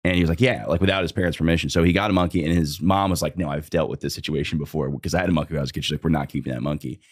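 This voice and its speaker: A young man with a low, deep voice tells a rambling, comic story in a casual podcast chat. He swears freely and laughs mid-sentence. The sound is close and dry, with no room in it. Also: steady tone, rapid-fire, no echo. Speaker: storyteller guest.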